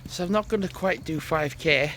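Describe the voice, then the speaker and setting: A man's voice: fairly high pitch, normal speed, fairly bright tone, a little hiss or hum. Breathless man vlogging on a walk. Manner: rambling, chatty, sighs often. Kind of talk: casual vlog chat while walking. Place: outdoors on a walk. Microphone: phone held while walking.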